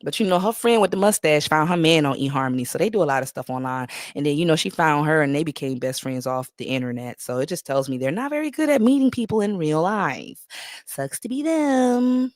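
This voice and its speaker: A woman's voice: low-pitched, animated, quick pace, few pauses, no echo, clean studio sound. A woman hosting a live-stream gossip commentary in a sassy, mocking way, full of slang. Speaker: livestream commentator.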